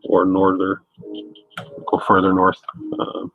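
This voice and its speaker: A man's voice: low-pitched, monotone, slow pace, dry recording. A man, an artist chatting casually on a live stream while he paints, rambling and answering viewers by name. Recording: tinny, dry, phone-like sound.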